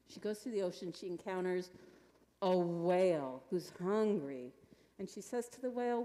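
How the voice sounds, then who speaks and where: A woman telling a children's story to a congregation at a church service, animated and playful. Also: fairly low pitch, normal speed. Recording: long reverb of a church hall.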